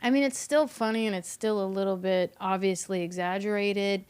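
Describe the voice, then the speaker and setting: A woman's voice: medium pitch, fairly even intonation, normal speed, a little mellow, clean tone. A woman from Kentucky with a Southern accent, a comedian chatting candidly on a podcast, laughing through her stories and swearing casually. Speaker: comedian guest.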